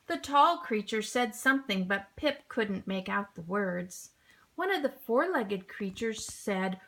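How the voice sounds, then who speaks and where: A woman reading a children's picture book aloud, expressive and acting out sound effects. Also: fairly high pitch, slow pace. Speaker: storybook reader. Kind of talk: children's storybook read-aloud.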